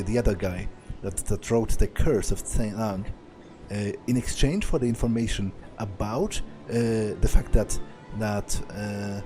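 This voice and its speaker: A man hosting a game let's play, reading dialogue aloud and thinking through his choices with many fillers. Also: fairly low pitch. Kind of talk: gameplay commentary.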